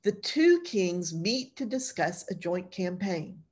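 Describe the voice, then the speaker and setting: A woman's voice: on the low side, big pitch swings, slow, darkish tone, slightly rough. Chatty woman pastor teaching Bible class. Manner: chatty, colloquial storytelling. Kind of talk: informal Bible lesson.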